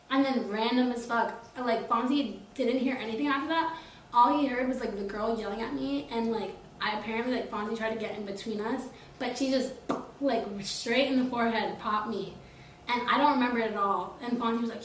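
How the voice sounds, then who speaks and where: A woman's voice: fairly high pitch, quick pace, a little hiss or hum. A young woman chatting casually as a podcast guest, telling a story full of "like" and acting out what people said. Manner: animated, full of "like", acts out quotes.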